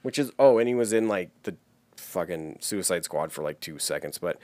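A man co-hosting a casual movie chat, animated and swearing freely. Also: sits low, normal speed, dry recording.

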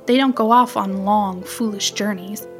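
A woman reading a children's story aloud with gentle, expressive storytelling. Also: medium pitch, normal speed, soft background music. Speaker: narrator.

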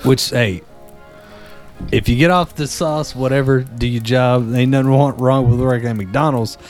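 A man's voice: medium pitch, moderate pace, soft background music. A young man in casual chat, telling a story with lots of swearing and acting out the voices of the people in it. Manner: animated, swearing, acts out quoted voices.

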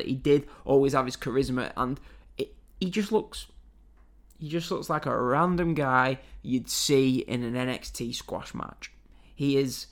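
A man's voice: medium pitch, vocal fry, sharp tone. A man from England giving a blunt, chatty review of wrestling matches, with lots of fillers and some swearing. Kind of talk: casual spoken review.

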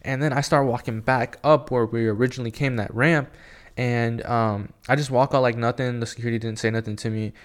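A young man telling a story in a casual, excited, rambling way, full of filler words. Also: mid-range voice, brisk. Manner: excited, rambling, heavy use of "like" and "yo". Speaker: skateboarding fan telling a story.

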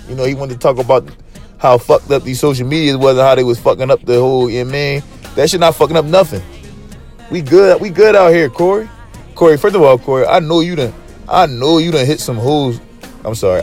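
A man hosting his own podcast alone, talking to listeners in a loose, profane, hyped and rambling way. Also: mid-range voice. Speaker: podcast host. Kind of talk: casual solo podcast monologue.

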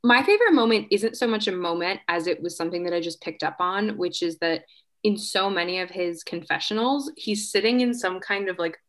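A woman's voice: fairly low pitch, lively intonation, brisk, a bit bright. A woman co-hosting a casual podcast chat, wry and opinionated, rambling through her points. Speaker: podcast co-host.

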